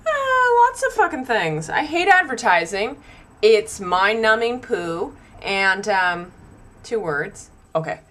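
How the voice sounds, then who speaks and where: A young woman venting her pet peeves in a casual home vlog, exasperated and animated, with frequent ums. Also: mid-range voice. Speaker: vlogger.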